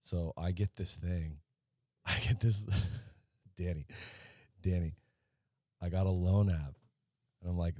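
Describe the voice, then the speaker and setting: A very low-voiced man co-hosting a podcast, rambling loosely through his stories and swearing as he goes. The sound is dry and close, with no room echo. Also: fairly even intonation, takes it slowly, long pauses, darkish tone. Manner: rambling storyteller, swears freely. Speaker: podcast co-host. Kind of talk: casual chat.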